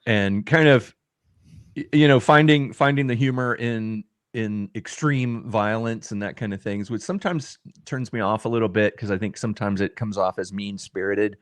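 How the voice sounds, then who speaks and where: Halting man. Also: fairly low pitch, smooth, no echo. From American South. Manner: halting, restarts often. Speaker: co-host reviewing a trailer. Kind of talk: casual reaction chat.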